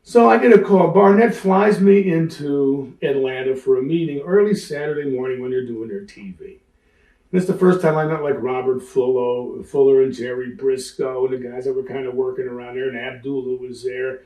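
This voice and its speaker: A man's voice: mid-range voice, normal speed. A man telling stories in an interview, acting out the voices of the people he quotes and laughing through his tales. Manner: animated storyteller who acts out quoted voices. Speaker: interview guest, wrestling veteran. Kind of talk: storytelling shoot interview. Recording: roomy sound, mic at a distance.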